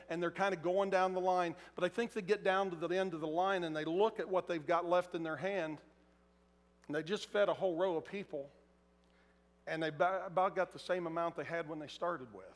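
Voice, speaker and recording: High-voiced preacher in an echoing hall. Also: male voice, steady tone, fairly quick. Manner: conversational, acts out quotes. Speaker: pastor. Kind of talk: sermon. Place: large church auditorium. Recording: echoey hall.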